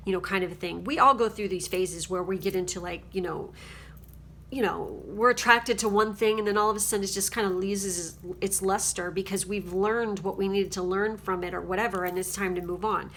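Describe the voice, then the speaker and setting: A woman's voice: mid-range voice, steady tone, a little fast, fairly bright tone, a little hiss or hum. A woman giving a casual spiritual card reading at home, rambling and chatty and often checking in with her listeners. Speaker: tarot card reader.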